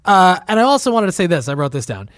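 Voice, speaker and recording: A man's voice: high-pitched, very animated, quick pace, fairly bright tone, no echo, studio quality. A man co-hosting a podcast, chatting casually and bluntly about politics, swearing and laughing often. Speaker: podcast co-host.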